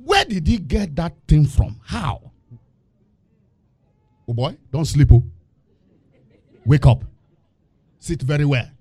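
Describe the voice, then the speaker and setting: A male preacher giving a lively sermon, asking the congregation questions and laughing between points. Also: on the high side, slow, long pauses, husky, no room sound. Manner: animated, call-and-response questions, laughing asides.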